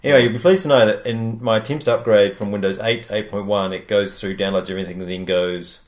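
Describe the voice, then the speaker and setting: A man's voice: fairly low pitch, fairly even intonation, fast. A man with a New Zealand accent co-hosting a podcast, chatting casually about tech with a dry, joking manner. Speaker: podcast co-host.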